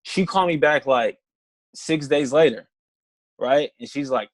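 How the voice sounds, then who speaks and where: A young man on a video call, telling his story in a casual, animated way and acting out both sides of phone calls. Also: a little high, a little slow, no echo, poor audio. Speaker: distributor sharing his story on a team call.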